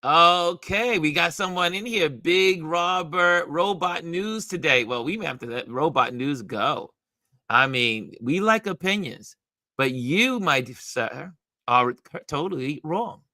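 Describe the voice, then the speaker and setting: A livestream host runs a relaxed chat, his bright, forceful voice swinging widely in pitch as he reacts emphatically to viewer comments and laughs often. He speaks a little slowly and is animated, and the recording is close and dry with little room sound.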